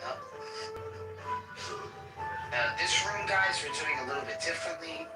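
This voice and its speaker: A man hosting a casual livestream, talking in an excitable, rambling way. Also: on the high side, a little slow, pauses often. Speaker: stream host. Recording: roomy, distant, music behind.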